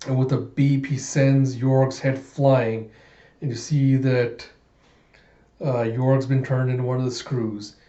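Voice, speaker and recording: Brief: man, casual comic readthrough, mellow voice, roomy slightly muffled recording. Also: mid-range voice, takes it slowly. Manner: casual, excitable, laughs often. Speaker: comic reader.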